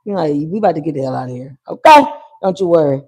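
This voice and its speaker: A woman hosting a live tarot reading, talking in an animated, slangy way with swearing and bursts of laughter. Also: sits low, fast talker, husky. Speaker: tarot reader. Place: at home near a pool, kids heard.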